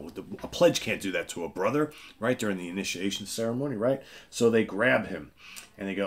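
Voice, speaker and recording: A man with a deep, low voice walks through an old comic, page by page. He reads captions aloud and keeps checking in with listeners. The tone is loose and conversational. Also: lively intonation, a little fast. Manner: chatty, keeps checking in with "right?". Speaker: comic book show host. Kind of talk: casual comic book walkthrough.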